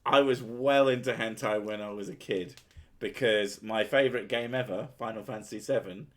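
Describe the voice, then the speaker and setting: A man's voice: on the low side, steady tone, normal speed. A man chatting crudely on a stream. He jokes constantly and swears freely, laughing at his own lines. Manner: profane, jokey, laughs often. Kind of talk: crude casual chat.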